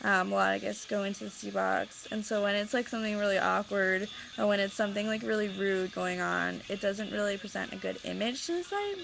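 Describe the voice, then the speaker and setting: A woman's voice: medium pitch, brisk, creaky, few pauses, background noise. Rambling young woman venting to a webcam. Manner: rambling, filler-heavy, sarcastic. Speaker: vlogger. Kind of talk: casual webcam rant.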